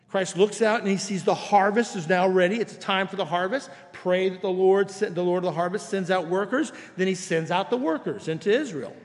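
A man's voice: high voice, fairly quick, few pauses, big-room sound. A man preaching a sermon as pastor, explaining scripture in a conversational way and reading quoted passages aloud. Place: church sanctuary.

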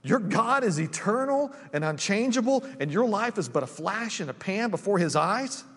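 A man's voice: high-pitched, lively intonation, moderate pace, a bit bright, slightly rough, big-room sound. A male pastor preaching a conversational sermon, with frequent restarts and friendly asides. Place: church sanctuary.

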